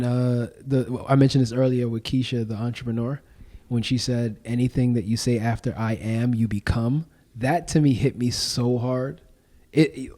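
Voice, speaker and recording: Slangy young man, mellow voice. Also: mid-range voice. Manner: animated storytelling, acts out quoted exchanges; casual slangy speech. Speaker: podcast host and owner being interviewed. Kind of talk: casual interview talk.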